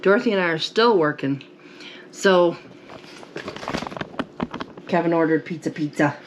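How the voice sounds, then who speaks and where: A woman's voice: lowish voice, a little slow, slight background noise, rough recording. A woman hosting a casual crafting vlog, chatting and explaining each step as she works at home. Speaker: vlogger. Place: home crafting table, indoors.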